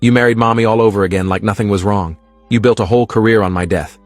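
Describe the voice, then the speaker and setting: A man voicing the ghost of a drowned girl, speaking low, quiet and reproachfully in a read horror story. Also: steady tone, quick pace, no room sound, faint music behind, close to an everyday voice. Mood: accusing.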